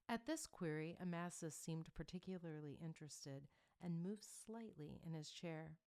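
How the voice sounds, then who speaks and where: A woman narrating a historical romance audiobook in a quiet, low-volume reading.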